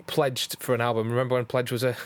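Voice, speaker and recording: A man, co-hosting a podcast, telling stories in halting casual talk with many restarts. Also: mid-range voice, level tone. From England. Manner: halting, restarts a lot, storytelling. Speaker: podcast co-host. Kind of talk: casual chat.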